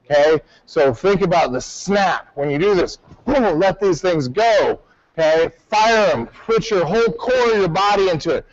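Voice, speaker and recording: A martial arts instructor leads a class in a high-pitched male voice, barking out commands and drill counts. The sound is dry and slightly muffled, with no room echo. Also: expressive, moderate pace.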